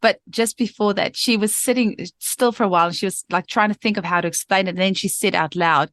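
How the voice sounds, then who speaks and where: A woman's voice: mid-range voice, fairly bright tone, no room sound. A woman hosting a podcast as a homeopath, talking in a casual, enthusiastic and affirming way. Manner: enthusiastic, affirming, quick to agree. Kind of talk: casual chat.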